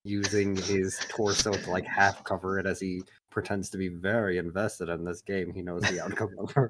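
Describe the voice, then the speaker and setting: A man's voice: deep voice, little pitch movement, normal speed, noisy background. A man playing in a casual tabletop game, describing his character's actions hesitantly with many fillers. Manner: hesitant, filler-heavy, laughs mid-sentence. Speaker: player. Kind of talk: casual tabletop role-play.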